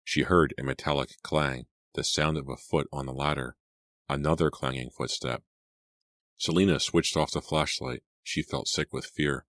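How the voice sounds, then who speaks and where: A man narrating a horror audiobook in a measured, suspenseful read on a close mic. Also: rumbling low, steady tone, fairly bright tone, dry recording.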